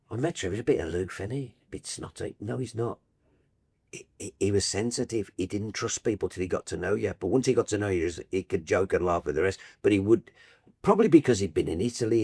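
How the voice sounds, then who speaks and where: Older broadcaster, husky, deep, storytelling guest. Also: male voice, no room sound, clean studio sound. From Birmingham, England. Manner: warm anecdotal, animated, trailing restarts. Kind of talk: casual storytelling chat.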